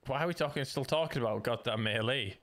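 A man's voice: medium pitch, quick pace, fairly bright tone, slight background noise. A man with a Yorkshire accent chatting casually while playing a video game, joking and stumbling over restarts. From Yorkshire, England. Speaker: streamer. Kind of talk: casual gaming chat.

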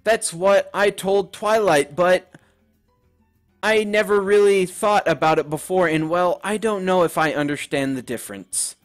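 Timid young female pony, read by a man: soft, hesitant, pitched up, unhurried. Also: faint music behind. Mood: nervous. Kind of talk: reading game dialogue aloud.

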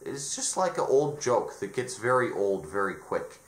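A man's voice: lowish voice, big pitch swings, moderate pace. A man ranting sarcastically in a show review, exasperated and often restarting his sentences, in a roomy recording. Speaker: video reviewer. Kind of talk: ranting commentary. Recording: roomy echo.

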